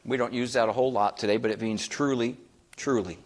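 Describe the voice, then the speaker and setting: A man's voice: medium pitch, steady tone, a little fast. A man preaching a sermon in a folksy, conversational way, asking the congregation questions and joking with them. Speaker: pastor.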